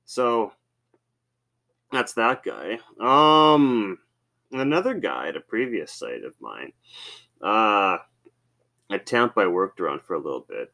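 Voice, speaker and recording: Podcast guy rambling through work stories, low voice, pitch all over the place. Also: slow pace, creaky, long pauses. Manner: rambling, with many fillers and animated swings. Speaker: podcast host. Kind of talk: casual storytelling.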